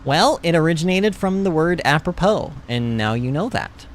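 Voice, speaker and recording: A man's voice: a little high, very animated, normal speed, a little hiss or hum. A man casually chatting as he streams a game, reading chat aloud and laughing often. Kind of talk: casual gaming commentary.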